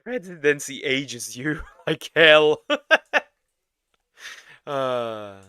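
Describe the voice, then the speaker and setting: A man reacts to a video on stream, dropping dry, joking remarks at an unhurried pace. His voice is bright and crisp, recorded close and dry with no room sound. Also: mid-range voice, expressive, no room sound. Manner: dry, jokey asides. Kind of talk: casual reaction commentary.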